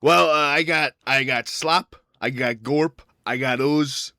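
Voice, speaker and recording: A man's voice: on the high side, slow pace, bright, forceful tone, dry recording, clean studio sound, voice pushed up, full character voice. A man voicing a sleazy, boastful marsh-dwelling medic who deals in shady supplies. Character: sleazy swampy male medic dealer.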